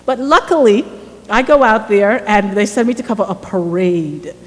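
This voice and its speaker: A woman's voice: medium pitch, normal speed. Woman telling a story in an echoey hall. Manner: lively storyteller who acts out quoted dialogue. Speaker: guest lecturer, former newspaper reporter. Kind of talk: first-person storytelling lecture. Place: lecture hall. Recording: echoey hall with faint background noise.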